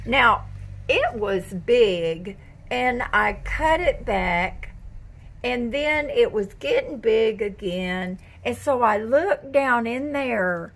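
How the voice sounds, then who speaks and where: Brief: woman vlogger, giggly and folksy, slightly high, unhurried delivery. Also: expressive, fairly bright tone. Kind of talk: casual home vlog chat. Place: indoors at home.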